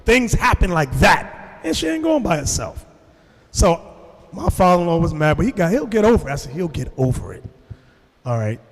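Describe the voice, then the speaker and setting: Animated New man preaching. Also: high voice, brisk, long reverb tail. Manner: animated storytelling, addresses the room directly. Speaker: religious teacher. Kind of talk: sermon to a congregation.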